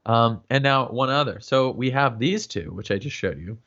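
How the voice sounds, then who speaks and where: A man's voice: on the low side, a little fast, hardly any pauses, a bit bright, faint music behind. A man teaching singing in a casual livestream, explaining with lots of fillers and checking in with "yeah?" and "right?". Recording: dull lo-fi livestream audio.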